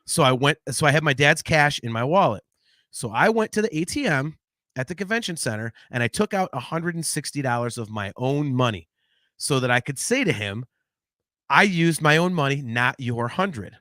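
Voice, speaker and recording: A man in his forties, co-hosting a podcast, who tells family stories in a lively, laughing way and reads out chat comments. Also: on the high side, normal speed, no room sound, studio quality. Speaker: podcast co-host.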